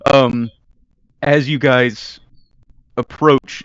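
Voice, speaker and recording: A man's voice: medium pitch, little pitch movement, measured pace, dry recording, highs cut off. A man narrating as game master in a casual, filler-heavy way.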